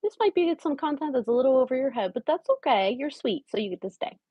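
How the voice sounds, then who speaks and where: Comedic livestream: woman voicing a wheedling drifter, breathy and high-ish, dry dull sound. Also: animated, fast, mellow, no room sound. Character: scheming homeless woman in her late twenties. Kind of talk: improvised parody livestream.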